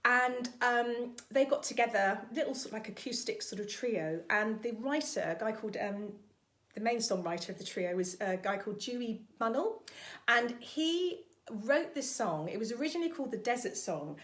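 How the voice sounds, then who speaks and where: Chatty high-voiced woman vocal coach. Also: expressive, normal speed. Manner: encouraging, chatty, sings warm-up exercises. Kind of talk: online singalong vocal lesson.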